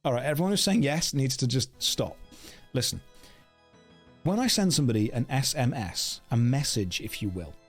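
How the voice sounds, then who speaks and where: A man's voice: medium pitch, expressive, moderate pace, faint music behind. A male streamer joking with his chat in a mock-serious way while playing a game. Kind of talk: casual game stream commentary.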